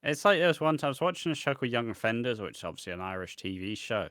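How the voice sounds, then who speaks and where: A man's voice: mid-range voice, big pitch swings, very fast, fairly bright tone, no room sound, clean studio sound. A man co-hosting a casual podcast, blunt and teasing, swearing often. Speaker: podcast co-host.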